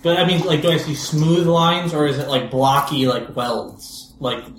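A man's voice: fairly high pitch, level tone, measured pace, roomy sound, faint music behind. A man playing a tabletop game, plain-spoken and inquisitive. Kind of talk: casual in-character play.

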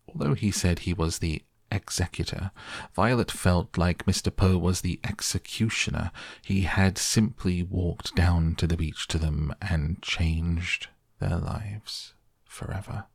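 Deep gravelly male storybook narrator. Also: darkish tone, no room sound, clean studio sound. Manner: measured storytelling with quoted dialogue in near-own voice. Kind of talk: audiobook reading.

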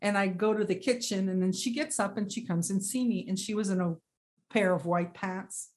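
A woman's voice: medium pitch, steady tone, darkish tone, a little hiss or hum. Earnest woman recalling a family story. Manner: earnest, halting, reflective. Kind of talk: personal storytelling in conversation.

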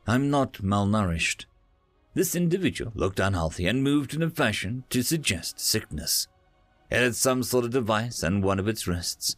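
A man narrating a first-person science fiction story with an expressive, lively delivery. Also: lowish voice, dry recording. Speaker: audiobook narrator.

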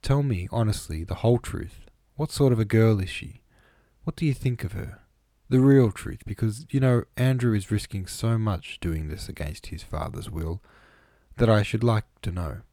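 A man voicing a gentle, sorrowful young noblewoman in an audiobook, reading her lines in a raised, pleading tone. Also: on the low side, moderate pace, dry recording, pitched above the performer's own voice, natural voice. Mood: earnest.

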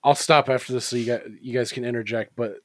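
A male podcast co-host rambles through a casual film chat, swearing freely and leaning on fillers. His voice sits at a middle pitch. The sound is dry and close to the mic. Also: fairly even intonation, fast talker, dry recording. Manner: rambling, profane, many fillers.

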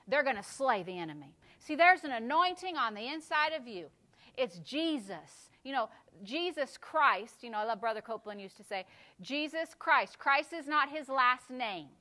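Bright-voiced woman pastor preaching fervently. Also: high voice, lively intonation, moderate pace. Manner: preaching with swings from hushed to loud and fervent. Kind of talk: sermon.

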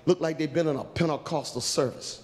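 Preacher, comic storyteller, high gravelly voice, long church reverb. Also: male voice, fairly quick, crowd noise. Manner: animated, humorous, shouting preacher. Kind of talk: storytelling sermon. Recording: echoey church hall.

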